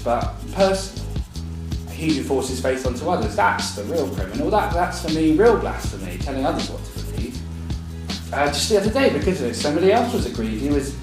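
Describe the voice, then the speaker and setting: A man performing witty, rhyming slam poetry live. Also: medium pitch. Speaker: poet. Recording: echoey venue from far off, with music.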